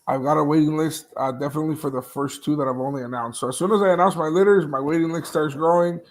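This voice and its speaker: A man's voice: on the high side, fairly even intonation, fast. A man, a dog breeder, talking casually about his dogs and litters, laughing easily and trailing off mid-sentence. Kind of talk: casual chat.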